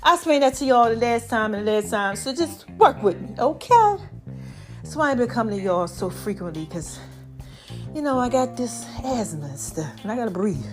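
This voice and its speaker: High-pitched lady podcaster, kinda breathless, preachy and lively, calling everybody child, faint music behind. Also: normal speed. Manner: animated, preachy, calls listeners y'all and child. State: a bit out of breath. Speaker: podcast host. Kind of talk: casual faith talk.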